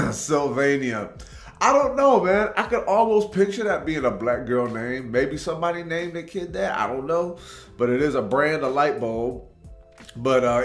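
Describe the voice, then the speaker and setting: A man from Tacoma, Washington, hosting a reaction video, telling rambling, laid-back stories and saying "man" a lot. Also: medium pitch. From Tacoma, Washington, USA. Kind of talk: casual storytelling commentary. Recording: roomy echo with faint background music.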